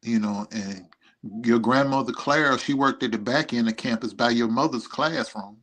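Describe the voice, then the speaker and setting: A man's voice: medium pitch, normal speed, fairly bright tone. A middle-aged man giving an emotional, rambling message to his son, speaking tenderly and proudly. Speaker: vlogger. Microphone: streaming setup.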